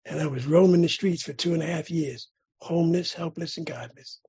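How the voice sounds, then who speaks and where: A middle-aged man from California sharing his recovery story at a meeting, telling it dramatically with sudden loud bursts and rhythmic repetition. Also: fairly high pitch, brisk, slightly rough. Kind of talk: personal recovery testimony.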